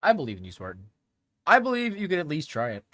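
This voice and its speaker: Young male streamer, lively pitch, rambling casual chat with lots of laughs. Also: fast talker. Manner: animated, rambling, laughs often.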